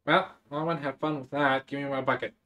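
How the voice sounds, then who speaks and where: A man's voice: medium pitch, steady tone, fast talker, sharp tone. A man playing a tabletop role-playing game, loosely describing his character's actions. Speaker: player. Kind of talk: casual tabletop play.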